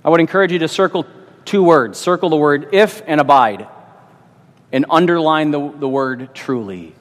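A man's voice: a little high, moderate pace, big-room sound. A man preaching a sermon, earnest and emphatic, often repeating words as he builds his point.

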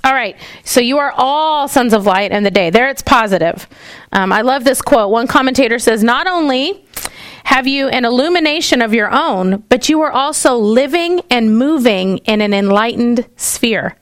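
A woman's voice: on the high side, lively intonation, normal speed, no room sound. A woman teaching a Bible study class, checking in with the group often and stopping to find her place in her notes. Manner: checks in often with "okay?" and "all right?"; stops to correct herself and find her place. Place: classroom with a whiteboard.

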